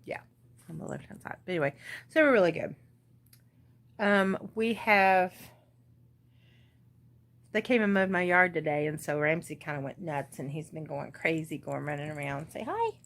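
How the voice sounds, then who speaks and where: A woman in her forties with a relaxed Southern US accent chats to the camera from her home, recorded on a tablet. Her voice sits a little low, and she wanders from topic to topic with easy fillers and restarts. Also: normal speed, vocal fry, pauses often. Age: 40s. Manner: chatty, rambling, with fillers. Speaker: crafting vlogger. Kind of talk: casual vlog chat. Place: at home, indoors. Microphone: tablet or phone camera.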